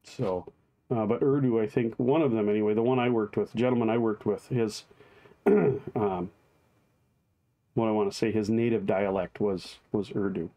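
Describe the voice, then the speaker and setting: A man's voice: fairly low pitch, fairly even intonation, normal speed, warm tone. A man, a pastor, leading a live-streamed daily devotion, chatting with viewers by name and reading liturgy aloud.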